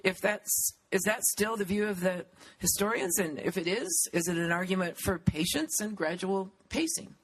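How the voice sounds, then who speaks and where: Chatty high-voiced male moderator. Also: expressive, moderate pace, a bit bright, poor audio. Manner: chatty, apologetic, laughing asides. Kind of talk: conversational public interview.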